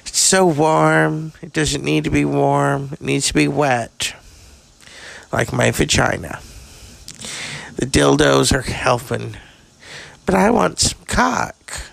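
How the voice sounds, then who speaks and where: A man's voice: on the high side, slow pace, vocal fry, long pauses, a bit bright, dry recording, full character voice. A man doing an impression of a crude, brash older actress, bawdy and campy in manner. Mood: bawdy, camp.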